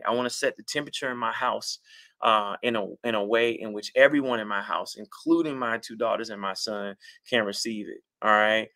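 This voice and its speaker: Middle-aged guy on a live advice stream, fired up and preachy, bright forceful voice. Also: medium pitch. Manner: passionate, animated preacher-like delivery. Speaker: relationship advice host. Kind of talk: livestream talk reading viewer comments.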